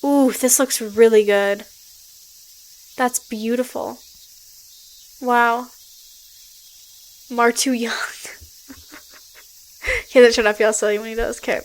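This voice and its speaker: A woman streaming a story game, reading it aloud and reacting excitedly, often gasping and laughing at what she sees. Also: on the high side, moderate pace, poor audio.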